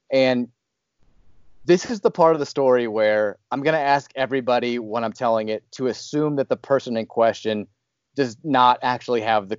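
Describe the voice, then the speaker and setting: Animated man telling a personal story. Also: mid-range voice, no room sound, muffled recording. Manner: animated, many restarts and fillers. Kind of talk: casual storytelling.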